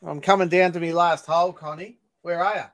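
A man's voice: fairly high pitch, fairly even intonation, brisk, crowd noise. A man co-hosting a podcast in casual, swearing banter. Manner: swearing, joking. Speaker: podcast co-host.

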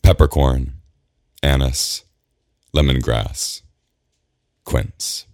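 A jittery young male engineer, voiced by the narrator trips over his words and restarts them. The voice is very deep and close-miked with no room sound. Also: fairly even intonation, darkish tone, dry recording, heavily acted. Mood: anxious. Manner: halting and stammering.

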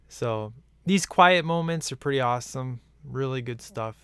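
A man's voice: medium pitch, normal speed, fairly bright tone, clear, resonant tone, no room sound. A man in casual, rambling chat as he watches a film at home, laughing often. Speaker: movie commentary viewer.

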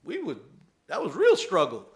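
A man's voice: high-pitched, huge pitch swings, normal speed. A man in his thirties preaching a sermon in a conversational way, repeating key lines and laughing now and then. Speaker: pastor.

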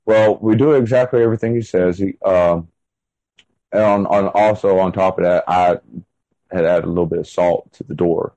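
A man's voice: low voice, fairly even intonation, normal speed, dark tone, dry recording, low-quality recording. A man in his thirties telling his own story in an interview, rambling and full of fillers. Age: 30s. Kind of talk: casual first-person storytelling.

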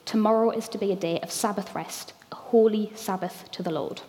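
A woman in her thirties delivers a sermon in a warm, candid, conversational way, sprinkled with ums. Her voice sits at a middle pitch. A long hall reverb trails behind each phrase. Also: fairly quick. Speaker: preacher.

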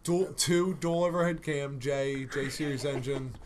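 A man co-hosting a podcast in a garage, relaxed and chatty. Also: medium pitch, measured pace, crowd noise. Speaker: podcast co-host. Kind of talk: casual chat.

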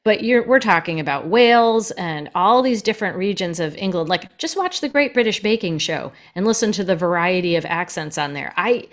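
A woman who narrates audiobooks, chatting in a podcast about her craft, quick and lively in her delivery. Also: on the low side. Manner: fast, lively and animated. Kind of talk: casual podcast conversation.

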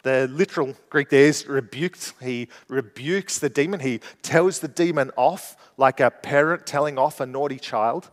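A man preaching a sermon, explaining a scripture passage and moving between hushed and emphatic delivery. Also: medium pitch, normal speed, hardly any pauses, big-room sound.

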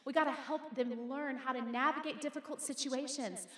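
A woman's voice: high voice, steady tone, normal speed, a bit bright. A middle-aged woman pastor preaching a sermon in a conversational, emphatic way, speaking straight to the congregation. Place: church auditorium. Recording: echoey hall with long reverb.

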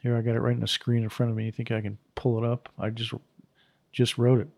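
A man preaching on scripture, emphatic and unscripted, repeating his key phrases and pausing for restarts and asides. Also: medium pitch, completely flat delivery, gravelly, darkish tone.

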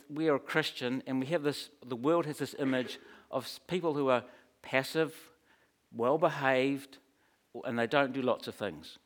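A man preaching a sermon in a conversational, storytelling way, with humorous asides. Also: medium pitch.

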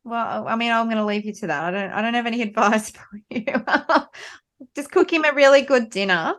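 A woman's voice: fairly high pitch, normal speed, fairly bright tone. A woman with an Australian accent hosting a podcast, chatty and laughing often in a casual interview. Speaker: podcast host.

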